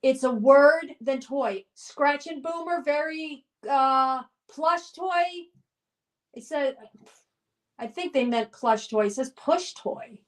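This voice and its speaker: Woman streamer with a high voice, upbeat and chatty, reads chat comments aloud and laughs often. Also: slow. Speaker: live stream host. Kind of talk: casual live stream chat, reading viewer comments aloud.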